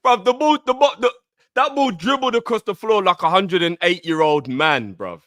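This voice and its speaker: A man's voice: sits high, moderate pace, no echo, clean studio sound. A man, co-hosting a casual fan show, bantering animatedly. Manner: animated banter, London slang. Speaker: co-host.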